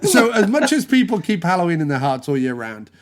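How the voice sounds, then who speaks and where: A man's voice: high voice, wildly swooping pitch, brisk. A man hosting a podcast in a casual chat, playful and jokey, rambling from one tangent to the next while he talks into a podcast mic. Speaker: podcast host.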